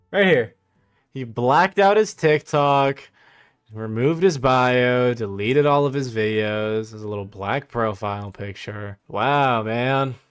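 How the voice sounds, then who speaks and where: Young male streamer, mocking, slangy, laughs often while commenting. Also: mid-range voice. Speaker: livestream host. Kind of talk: casual livestream commentary.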